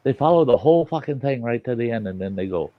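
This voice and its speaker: Through muffled, lo-fi stream sound with a little hiss or hum, a man hosting a late-night livestream tells a long, profane joke with put-on character voices amid casual chat. His mid-range voice is fast and has lively intonation.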